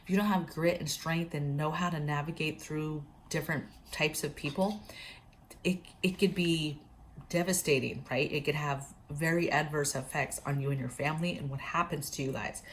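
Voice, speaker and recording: Woman, low voice, casual vlog talk, chatty, earnest advice to viewers. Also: steady tone, moderate pace, slight background noise. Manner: chatty, keeps addressing viewers directly. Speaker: prepping vlogger. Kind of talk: casual storytelling to camera.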